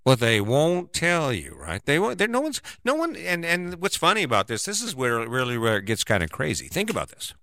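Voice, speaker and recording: A man's voice: on the high side, huge pitch swings, brisk, hardly any pauses, bright, forceful tone, no room sound, clean studio sound. A middle-aged man giving a casual, rambling opinion monologue, often tagging on "right?". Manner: rambling, keeps asking "right?".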